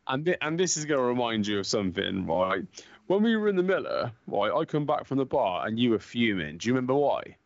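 A young man co-hosting a casual football podcast, swearing freely and telling animated stories full of banter. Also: mid-range voice, a little fast, gravelly, dry recording, dull audio. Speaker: podcast co-host.

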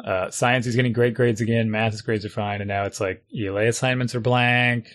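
Exasperated middle-aged dad chatting. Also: male voice, fairly low pitch, fairly quick. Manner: exasperated, animated storytelling. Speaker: parent. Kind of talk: casual chat.

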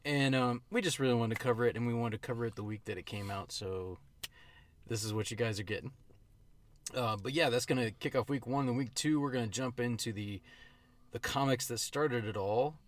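A man's voice: medium pitch, fairly quick, slight background noise. A man co-hosting a podcast, chatting casually and rambling, often correcting himself mid-thought. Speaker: podcast co-host. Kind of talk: casual chat.

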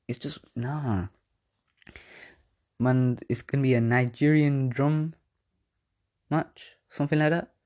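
A man's voice: medium pitch, steady tone, moderate pace, pauses often, darkish tone. A man hosting a podcast, rambling through casual chat with slang, swearing and self-mocking laughs. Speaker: podcast host. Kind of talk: casual wrestling predictions chat.

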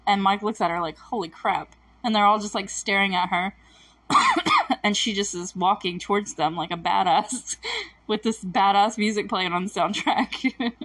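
A woman's voice: mid-range voice, steady tone, moderate pace, fairly bright tone, no room sound, distant mic, poor audio. A woman casually recapping a TV episode, laughing often and acting out the characters' lines. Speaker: recap host.

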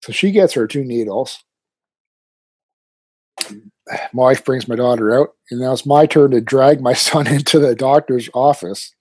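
A man in his thirties tells a story in casual chat, acting out the voices of the people in it. His voice is mellow and somewhat husky. The sound is dry and close. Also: mid-range voice, unhurried, pauses often, dry recording. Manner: animated storyteller, acting out his kids' lines.

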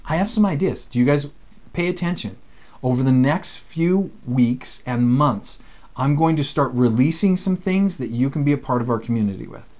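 A playful, talkative man from Canada co-hosts a relaxed conversation. He speaks at a middle pitch and slips into quick voices whenever he quotes someone. He talks like a former teacher who loves to tell stories. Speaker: co-host, former seminary teacher. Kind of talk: casual chat.

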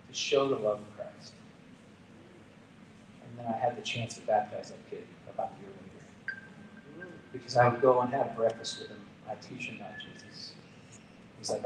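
In a church gathering room, a man preaching as a pastor tells a story from his own life, sincere and chatty, as part of a storytelling sermon. His pitch is medium and the background is noisy. He sounds far from the microphone in a roomy space.

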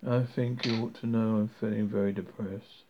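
A man's voice: moderate pace, gravelly, husky. A man doing a gloomy depressed robot. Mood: morose. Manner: low, helpless, self-pitying. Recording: dull lo-fi recording.

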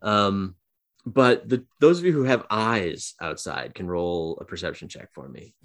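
A man narrating a tabletop game as game master, casual and halting, with many fillers. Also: deep voice, animated.

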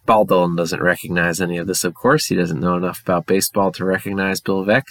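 Male podcast host, wry comic storyteller, low voice, dry close sound. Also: steady tone, no echo, rough recording. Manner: wry, quick narration.

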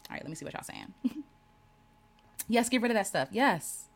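A woman's voice: on the high side, sing-song, moderate pace, creaky. A woman hosting a casual livestream, reading viewers' comments aloud and answering them with affirmations and laughter. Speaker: host reading live chat.

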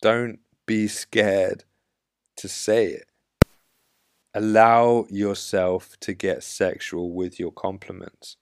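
A man with a low, gravelly voice delivers blunt dating advice at an unhurried pace. He speaks assertively and with emphasis, like a coach. The sound is dry and close, with no room echo. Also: level tone. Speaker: dating coach podcast host. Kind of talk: podcast monologue giving dating advice.

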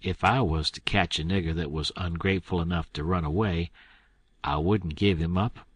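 A man's voice: deep voice, fairly even intonation, moderate pace, breathy edge, dry recording. A man voicing a clever, scheming boy who plays innocent with mock-puzzled questions. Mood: severe. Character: Tom Sawyer, clever boy, playing innocent.

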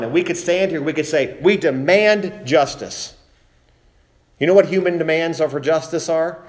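A male pastor preaching a sermon, rising emphatically on key points and asking rhetorical questions, then slowing down to read scripture. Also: mid-range voice. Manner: reads scripture aloud in a slow, measured way.

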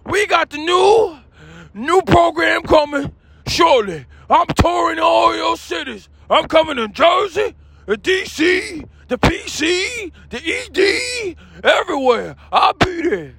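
A man hosting a comedy bit, ranting in a loud, hyped, shouting delivery. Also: very high-pitched, big pitch swings, takes it slowly, gravelly, dry recording. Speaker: comedy host. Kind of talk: comedy rant.

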